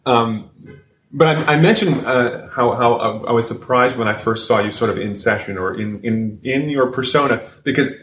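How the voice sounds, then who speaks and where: A man hosting a casual interview, asking questions haltingly with many restarts, recorded in an echoey room. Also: mid-range voice, fairly bright tone. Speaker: podcast host. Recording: echoey room with faint noise.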